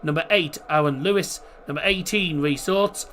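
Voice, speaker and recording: Chatty Teesside man, fairly high voice. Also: normal speed, a little hiss or hum. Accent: Teesside English. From Middlesbrough, England. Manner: easygoing, chatty, hesitant with ums and restarts, reads team lineups in a steady list. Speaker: watchalong host. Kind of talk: casual live football watchalong chat.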